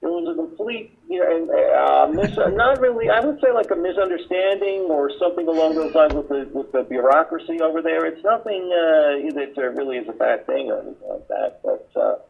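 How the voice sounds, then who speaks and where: A rambling man on a casual talk show, filling every pause with "you know" and "listen". His voice is slightly high and comes through a thin phone line. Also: sing-song, vocal fry. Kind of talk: casual talk radio chat.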